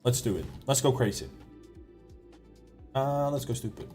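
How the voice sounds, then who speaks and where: A man from Sweden with a slight Swedish accent, chatting casually while streaming a game and bursting into excited exclamations. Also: mid-range voice, unhurried, soft background music. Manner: excitable, laughs easily, bursts into loud exclamations. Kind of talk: casual live gameplay commentary.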